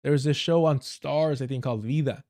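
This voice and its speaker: Speaking at a moderate pace in a medium-pitched, slightly mellow voice, a man from Southern California hosts a livestream. With a Southern Californian accent, he delivers blunt casual commentary laced with constant cursing and asides where he laughs.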